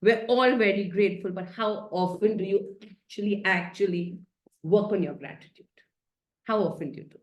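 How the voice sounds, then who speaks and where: A woman's voice: mid-range voice, normal speed, highs cut off. A woman, a happiness coach giving a chatty, playful self-care talk over a video call, often laughing and coaxing her listeners.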